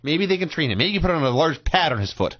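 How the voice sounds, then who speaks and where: A man's voice: a little high, sing-song, racing, a bit bright, no echo. A man co-hosting a podcast, making wry, joking asides in casual banter. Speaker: podcast co-host. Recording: dry, muffled lo-fi recording.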